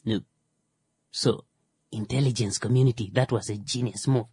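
A woman's voice: rumbling low, steady tone, moderate pace, warm tone, slightly rough, no room sound. A woman talking in a rambling, casual monologue, full of fillers, who acts out little quoted exchanges.

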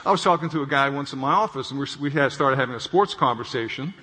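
A man's voice: medium pitch, fast talker, pushed and bright. A man explaining how stress affects the brain, in a conversational manner, often checking in with "okay?" and telling everyday stories to make his point. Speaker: clinician speaking on stress. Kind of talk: explanatory talk with acted anecdote. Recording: long hall reverb.

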